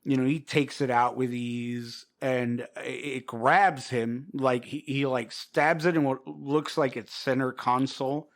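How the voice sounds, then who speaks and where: A man's voice: mid-range voice, fairly even intonation, unhurried, hardly any pauses. A man co-hosting a podcast, casually retelling a comic book scene in a rambling way full of fillers, loosely acting out the characters' lines. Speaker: podcast co-host.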